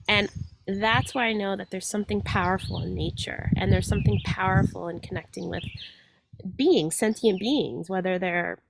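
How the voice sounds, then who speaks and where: A woman in her forties, a guest in a casual chat, telling stories in an animated way with plenty of fillers. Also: medium pitch, vocal fry, a little hiss or hum.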